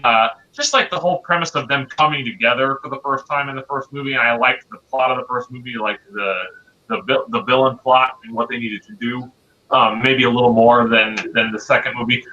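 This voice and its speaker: A man's voice: medium pitch, fairly quick, sharp tone. A man co-hosting a podcast, chatting casually about movies with many fillers and hesitations. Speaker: podcast co-host. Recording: lo-fi dull recording.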